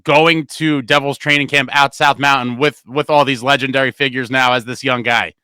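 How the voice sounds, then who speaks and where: A man's voice: medium pitch, fairly even intonation, normal speed, sharp tone, clean tone. A man hosting a fan podcast, asking eager, casual interview questions.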